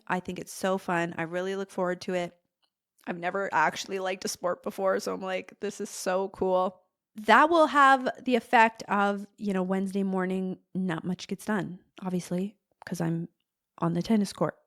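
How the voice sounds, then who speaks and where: A woman's voice: mid-range voice, fairly even intonation, normal speed, a bit bright. A young adult woman hosting a casual solo podcast as a therapist, talking conversationally and acting out frustrated inner voices. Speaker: podcast host and ADHD therapist.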